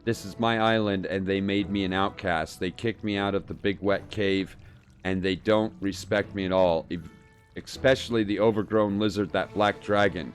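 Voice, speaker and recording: A man's voice: low voice, fairly even intonation, normal speed, soft background music, lightly acted. A man reading the lines of a vain, whiny female demon queen made of filth, in a petulant way. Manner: petulant, reading game dialogue aloud.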